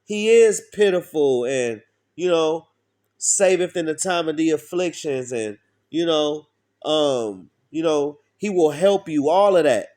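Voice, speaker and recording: A man's voice: on the high side, lively intonation, unhurried, darkish tone. A man preaching an informal street sermon, blunt and profane, often asking his listeners questions.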